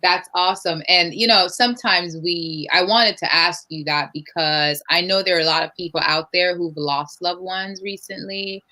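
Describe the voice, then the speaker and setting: A woman's voice: lowish voice, moderate pace, hardly any pauses, bright, forceful tone, no echo, poor audio. A woman hosting an interview show, affirming and encouraging her guest. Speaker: show host.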